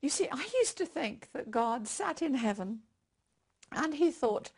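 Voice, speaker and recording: A woman's voice: sits high, animated, measured pace, husky. An older woman giving a devotional sermon and leading a prayer in a storytelling manner. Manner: warm storytelling, leads prayer. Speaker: preacher.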